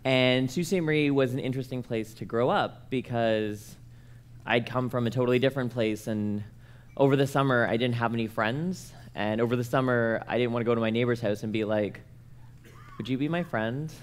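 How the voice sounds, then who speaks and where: A church conference speaker, a young Canadian man, relates a personal anecdote to his listeners while acting out each quoted voice with animation. His mid-range voice runs a little fast.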